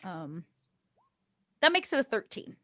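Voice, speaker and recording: A woman's voice: medium pitch, very animated, a little slow, bright, forceful tone, dry recording. A woman playing a tabletop game over a video call, chatty and laughing easily. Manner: chatty, laughing, drops to whispers in character. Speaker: player. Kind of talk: casual tabletop play.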